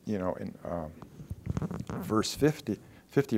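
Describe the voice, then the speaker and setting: A man preaching a sermon in an earnest way, slowing down for emphasis and dropping to soft, quiet asides. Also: mid-range voice, very animated, creaky. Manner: earnest, varies pace, drops to soft asides.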